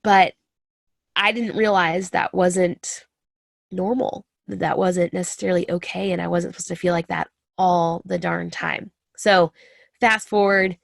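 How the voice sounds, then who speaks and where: Earnest woman with a gravelly voice. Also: lowish voice, fairly even intonation, measured pace, no echo, clean studio sound. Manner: earnest, confiding, addresses listeners as friends. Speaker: military spouse sharing her story. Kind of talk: personal talk to camera.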